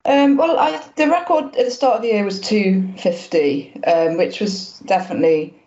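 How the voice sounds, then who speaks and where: A woman in her fifties, a guest on a podcast, talking casually and hesitantly with many pauses and restarts, modest about her achievements. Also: mid-range voice, warm tone, muffled recording. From Wales. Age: 50s. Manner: hesitant, lots of ums and restarts, self-deprecating. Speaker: guest, masters swimmer. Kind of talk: casual interview chat.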